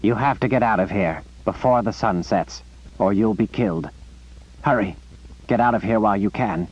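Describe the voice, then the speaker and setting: Brief: man voicing an anxious captive man, urgent and pleading, low husky voice, lo-fi audiobook recording. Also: normal speed, a little mellow. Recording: muffled lo-fi recording.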